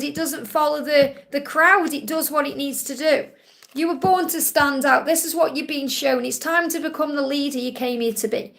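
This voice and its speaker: A woman's voice: sits high, gravelly, fairly bright tone. A woman with a Stoke-on-Trent accent giving a live-stream card reading, soothing and reassuring, calling her viewers honey. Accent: Stoke-on-Trent English. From England. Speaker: psychic reader.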